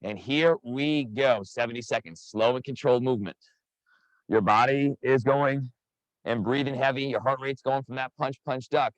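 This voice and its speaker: Energetic man coaching a workout class. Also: mid-range voice, normal speed, dry recording, poor audio. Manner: energetic, counts down reps, calls out participants by name. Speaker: fitness instructor.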